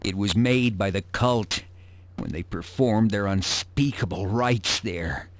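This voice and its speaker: A deadpan, sarcastic tavern regular. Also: male voice, fairly low pitch, slow pace. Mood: sardonic. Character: sardonic middle-aged male tavern regular. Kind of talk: video game voice acting.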